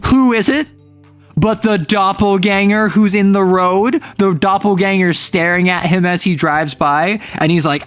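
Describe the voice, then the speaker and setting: A man's voice: high-pitched, measured pace, a bit bright, no room sound, soft background music. A man streaming, casually retelling a manga with lots of fillers and wry asides.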